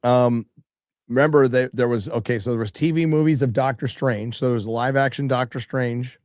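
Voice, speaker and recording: A middle-aged man hosts a live stream in a loose, chatty way, cursing often as he reads out viewer messages. His voice sits at an ordinary pitch and is recorded dry and close to the mic. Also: steady tone, moderate pace, darkish tone, dry recording. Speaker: livestream host reading donations. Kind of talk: casual live-stream chat.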